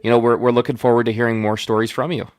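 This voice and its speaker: A man's voice: medium pitch, little pitch movement, very fast, darkish tone. A man hosting a casual podcast who talks with a caller in a reassuring way, filling his speech with verbal fillers. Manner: reassuring, leans heavily on "you know" fillers. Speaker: podcast host.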